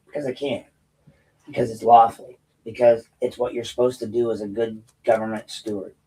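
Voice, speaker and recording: A man's voice: mid-range voice, flat delivery, moderate pace, dark tone, distant mic, low-quality recording. A man from the United States hosting his own show, ranting bluntly and profanely to viewers with frequent restarts. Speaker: host and political commentator. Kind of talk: unscripted rant to viewers.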